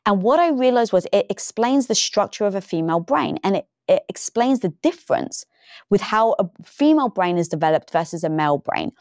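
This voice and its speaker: A woman guest in a casual interview, telling lively stories and acting out the lines she quotes. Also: medium pitch, fairly quick, no echo, studio quality. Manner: animated storytelling, acts out quoted dialogue. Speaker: podcast guest.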